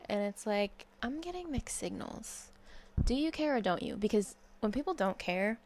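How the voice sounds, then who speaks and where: She's a young commentary YouTuber delivering a blunt, sarcastic, profane rant. Her pitch is medium and she talks at a normal speed.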